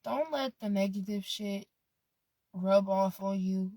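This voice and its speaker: A woman's voice: medium pitch, slow, dark tone, dry recording. A woman vlogging in a casual, rambling way, laid-back, swearing freely and drifting off on tangents. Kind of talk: casual rambling vlog talk.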